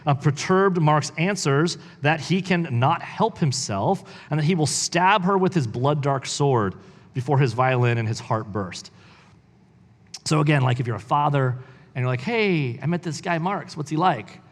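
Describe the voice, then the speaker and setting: A man's voice: on the high side, normal speed, big-room sound. A man reading a book aloud and commenting on it in a heated, informal way, often saying "like". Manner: heated, informal, heavy use of "like". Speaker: church reader and commentator.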